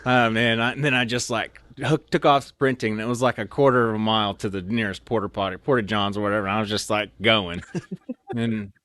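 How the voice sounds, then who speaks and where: A man's voice: lowish voice, steady tone, brisk, fairly bright tone, no echo, clean studio sound. A man who is an officer candidate, telling army stories in a rambling, laughing way with many restarts. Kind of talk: casual storytelling in an interview.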